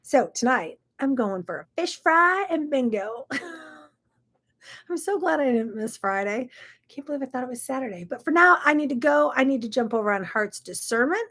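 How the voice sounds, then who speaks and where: A woman's voice: high-pitched, animated, moderate pace, a bit bright. A middle-aged woman, hosting a chatty, folksy morning talk show. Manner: chatty, folksy, says y'all. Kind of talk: casual chat.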